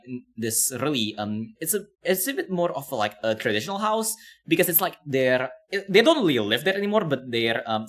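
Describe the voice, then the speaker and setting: Streamer dude chatting loose, tons of "like, you know", voice bouncing up and down a lot. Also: male voice, medium pitch. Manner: rambling, lots of fillers, frequent laughs. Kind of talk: casual reaction-stream commentary.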